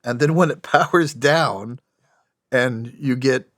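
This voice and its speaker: A man's voice: mid-range voice, slow, fairly bright tone, no room sound, studio quality. Plainspoken man telling war stories. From United States. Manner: plainspoken, wry, with frequent restarts. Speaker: podcast guest, former special operations soldier. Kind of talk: storytelling in a podcast interview.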